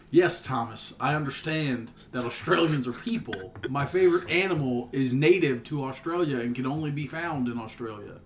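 A young man co-hosting a casual sports podcast, playful and animated as he tells stories. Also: mid-range voice, moderate pace, few pauses, slight background noise. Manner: playful, storytelling, animated when excited. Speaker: podcast co-host. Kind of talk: casual chat.

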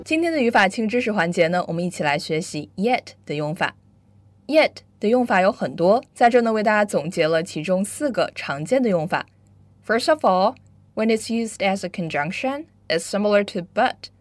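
A woman teaching English vocabulary and grammar, explaining slowly and clearly and moving between Chinese and English. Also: medium pitch, lively intonation, no room sound. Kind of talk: bilingual English lesson.

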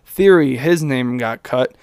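A young man rants through a casual solo podcast, tripping over names and swearing freely as he goes. His voice comes across smooth and clear over a dry, close mic. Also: mid-range voice, unhurried, a little mellow, no room sound. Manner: rambling, profane, self-mocking, lots of fillers. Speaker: podcast host.

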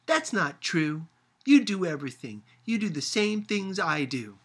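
Man reads stubborn little girl, raised and lively, storybook. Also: high-pitched, measured pace, breathy edge, pitched above the performer's own voice, heavily acted. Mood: indignant. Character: young girl, anxious and stubborn.

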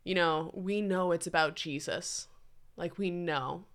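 A woman's voice: on the low side, measured pace, clean tone. A woman co-hosting a faith podcast, asking earnest, preacherly questions. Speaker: co-host. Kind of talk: casual faith podcast chat.

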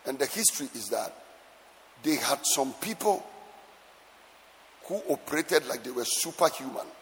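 A man preaching a sermon with emphatic repetition, swinging between soft asides and loud exclamations, at times half-singing his lines. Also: medium pitch, expressive, moderate pace, in a large hall, slight background noise. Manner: sometimes lapses into a sung cadence.

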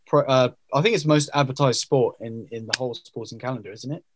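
A man's voice: mid-range voice, quick pace. A young man from the UK chatting casually, hesitant and fond of tag questions. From United Kingdom. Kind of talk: casual chat.

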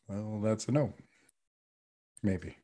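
A man's voice: fairly low pitch, slow pace, warm tone. A man playing a tabletop role-playing game with wry, joking remarks. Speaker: player.

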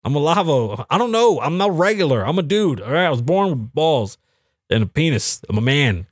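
Fairly quick and on the high side with a breathy edge, this young podcast host tells profane, lively stories in casual solo commentary, acting out quotes along the way. No room sound; clean studio audio.

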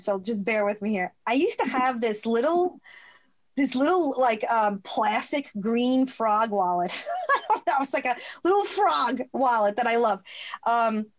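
Her voice runs on the high side as she tells a personal story while guesting in a conversation. Lively and quick to laugh, she gives each quoted person their own voice.

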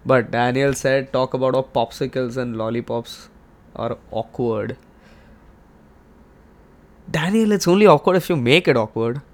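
A young male podcast host with a gravelly, fry-tinged voice. He rambles in a hyped, joking way, swears freely and keeps his pitch in the middle range. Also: unhurried, long pauses. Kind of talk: casual monologue.

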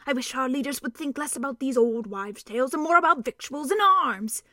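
A woman's voice: high voice, brisk, pushed and bright, no echo, studio quality. A woman voicing a practical male dwarf soldier who talks in a brusque, grumbling way.

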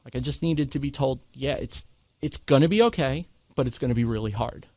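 A man candidly recounting a hard experience in conversation, earnest and animated when he quotes others. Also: medium pitch, a little fast, dry recording. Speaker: guest sharing his cancer story.

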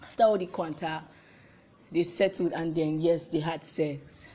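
A woman's voice: deep voice, fairly even intonation, unhurried, warm tone. A young woman tells a role-reversal story, firing off repeated rhetorical questions.

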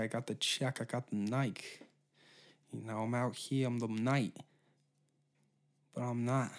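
A man's voice: mid-range voice, darkish tone. Twenties male podcast host with a profane, sarcastic rant. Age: 20s. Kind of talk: solo comedy podcast rant.

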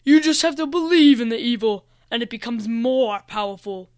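A woman voicing an evil male black dragon who speaks loudly and slowly with menace. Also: on the high side, animated, close to an everyday voice. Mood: menacing.

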